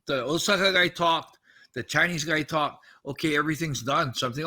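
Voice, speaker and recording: A man's voice: on the high side, moderate pace, bright, forceful tone, breathy edge. A man in his fifties on a podcast, casually recounting a story, acting out the quoted dialogue and swearing freely.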